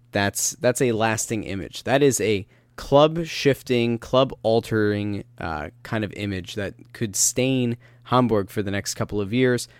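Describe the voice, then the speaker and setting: A man in his thirties co-hosting a casual soccer podcast, telling animated stories with lots of restarts. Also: lowish voice, no room sound. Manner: animated storyteller, rambling with restarts. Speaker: podcast co-host.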